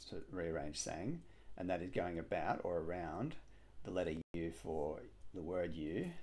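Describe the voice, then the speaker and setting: A man solving a cryptic crossword aloud, musing and hesitant, with frequent pauses and fillers. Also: deep voice, a little mellow. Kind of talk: thinking aloud while solving.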